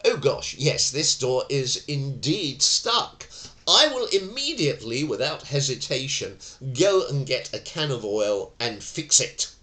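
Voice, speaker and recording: A man's voice: medium pitch, very animated, unhurried, pushed and bright, pitched above the performer's own voice. A man voicing a posh, exaggeratedly genteel janitor who is eager to help. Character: posh, overly polite well-educated male janitor.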